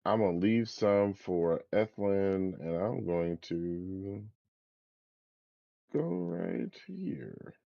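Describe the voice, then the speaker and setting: A man's voice: deep voice, expressive, drawn-out words, gravelly, no echo, muffled recording. A man playing in a tabletop game, laid-back, counting dice aloud. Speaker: player. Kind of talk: casual game chat.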